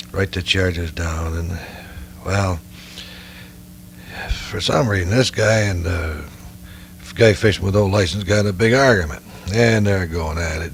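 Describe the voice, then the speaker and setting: An older man with a gravelly, somewhat low voice tells old game-warden stories, dictated at home into a tape recorder. He rambles from one anecdote to the next and keeps circling back. A faint hiss sits under the voice. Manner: rambling anecdotal, frequent "well, anyway". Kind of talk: dictated memoir storytelling.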